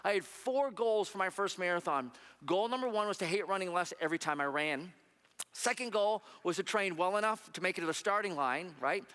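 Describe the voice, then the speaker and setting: A man's voice: high voice, animated, fairly quick, bright, forceful tone, clear, resonant tone. A man speaking from a church stage, upbeat and conversational, encouraging the congregation to sign up. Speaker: charity running team speaker. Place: church sanctuary. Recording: long reverb of a church hall.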